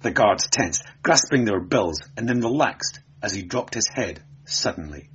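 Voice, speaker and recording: A man narrating an adventure audiobook in a measured, dramatic storytelling manner. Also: on the low side, expressive, breathy edge, highs cut off. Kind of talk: audiobook reading.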